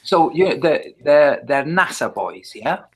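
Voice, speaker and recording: A man as a guest in a casual online chat, calmly explaining his points. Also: a little high, slow, breathy edge. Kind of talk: casual chat on a video call.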